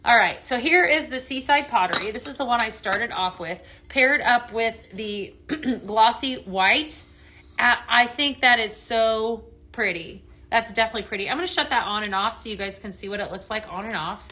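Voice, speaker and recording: A woman's voice: on the high side, normal speed, bright, forceful tone. A woman hosting a live home-decor sales show, chatting in a bubbly way and talking straight to her viewers as she demonstrates products. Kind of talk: live product demo chat.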